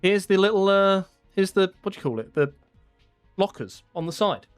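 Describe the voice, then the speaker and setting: A man's voice: high voice, expressive, moderate pace, smooth, soft background music. A young man from England chatting casually on a live game stream, laughing often and answering his chat. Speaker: gaming streamer.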